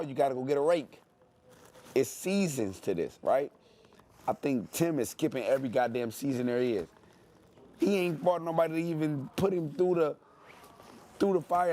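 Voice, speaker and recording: A man's voice: mid-range voice, warm tone, slight background noise. A man, a professional boxer talking brashly in an interview, boasting and repeating his phrases for effect. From Detroit, USA. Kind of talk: animated interview talk.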